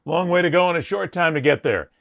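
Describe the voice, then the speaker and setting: A man's voice: on the high side, lively intonation, fast, creaky, fairly bright tone, dry recording. A man hosting a sports talk show with theatrical, grandiose announcer flourishes.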